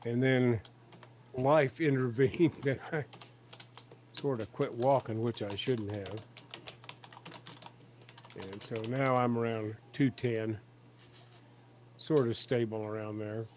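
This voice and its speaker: A man chatting casually on a live stream in a calm, measured way. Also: mid-range voice, slight background noise. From United States. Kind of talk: casual chat.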